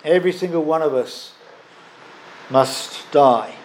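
A man preaching a sermon, emphatic, stressing and repeating key phrases with pauses. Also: a little high, a little mellow, slight background noise.

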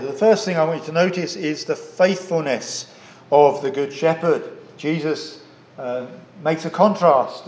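A man preaching in a church with a fairly high voice. He speaks in a measured, earnest way and often pauses with "uh." The sound echoes around the room. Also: a little mellow. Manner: measured, earnest, with frequent "uh" fillers. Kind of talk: sermon.

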